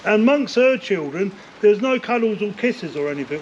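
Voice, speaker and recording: An older man spins long, rambling stories in an interview, swearing freely and leaning on "like" and "you know." His voice sits high for a man. The recording is dull and lo-fi, with a faint hiss behind it. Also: animated, brisk. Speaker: interview guest, former bare-knuckle fighter. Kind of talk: casual storytelling interview. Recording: dull lo-fi sound with faint noise.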